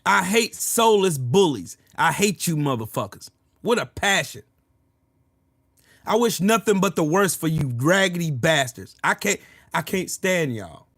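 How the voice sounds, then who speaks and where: Answering chat comments, this man on a livestream rants about politics, heated, profane, and repetitive. His voice is a little high and a bit bright, with big pitch swings and a slightly slow pace. The recording is dry and studio quality.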